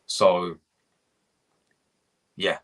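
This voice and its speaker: Greeting chat viewers on his fan channel's live stream, a young host rants, curses and says things over and over. He draws out his words in a fairly bright-toned voice.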